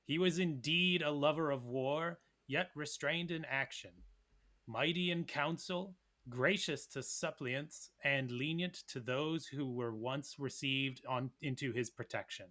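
A man's voice: fairly high pitch, sharp tone. A man doing a grave game-master narrator voice. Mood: solemn. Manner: slow, weighty, theatrical reading. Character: grave male fantasy game-master narrator reading an ancient chronicle.

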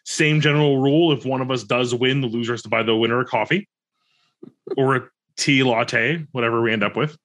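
A man co-hosting a casual podcast, giving opinions in an animated way and laughing often. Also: medium pitch, a little fast. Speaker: podcast co-host. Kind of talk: casual chat.

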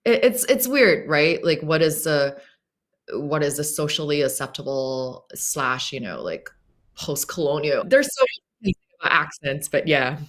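A woman's voice: deep voice, big pitch swings, moderate pace, fairly bright tone. A woman from Hong Kong with a slightly American accent, answering interview questions reflectively and often rephrasing mid-thought. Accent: American-tinged English. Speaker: guest author.

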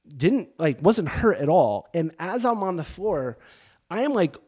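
A middle-aged man, a priest, telling a personal faith story in casual, animated talk with many restarts and fillers. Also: high voice, measured pace. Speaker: priest and podcast host. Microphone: camera and mic for video podcast.

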